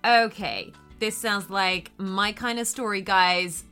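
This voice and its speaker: A woman's voice: mid-range voice, slow, clear, resonant tone, soft background music. A woman hosting and narrating children's storybook stories, upbeat and speaking straight to the kids. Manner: upbeat, lively, addressing kids directly. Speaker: host and storyteller.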